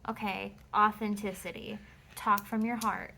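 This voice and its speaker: A woman reads tarot at home in a loose, casual monologue. She is blunt and emphatic and swears freely, and now and then she reads card texts aloud. Her voice sits at a middling pitch. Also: measured pace, a bit bright. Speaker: tarot reader.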